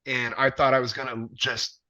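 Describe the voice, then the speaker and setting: A man, a wrestler, telling a long story in casual conversation, animated and profane with plenty of fillers. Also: medium pitch, moderate pace. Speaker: wrestler guest. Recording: dull lo-fi audio.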